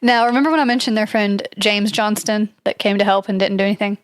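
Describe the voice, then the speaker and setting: A chatty woman walks a friend through a spooky old tale, hedging and circling back as she reads from her notes. Her voice sits at an ordinary middle pitch and sounds close and dry, with no room around it. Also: steady tone, fast talker, no room sound. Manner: chatty, hedging, reads from notes with frequent likes and I don't knows. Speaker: podcast co-host. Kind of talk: casual storytelling chat.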